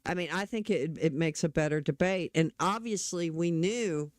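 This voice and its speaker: A man's voice: a little high, moderate pace, no room sound, studio quality. A middle-aged man talking politics in a casual, blunt, opinionated way, often restarting his sentences. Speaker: political commentator.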